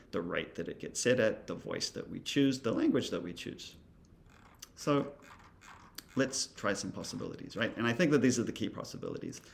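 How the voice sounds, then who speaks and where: A man's voice: on the low side, creaky. A man giving a casual recorded lesson, thinking aloud with many ums and uhs. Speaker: instructor. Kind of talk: recorded lecture demonstrating software.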